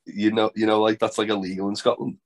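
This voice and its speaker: A man co-hosting a podcast, teasing his friend with dry jokes and casual swearing. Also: lowish voice. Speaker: podcast co-host. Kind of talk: casual banter.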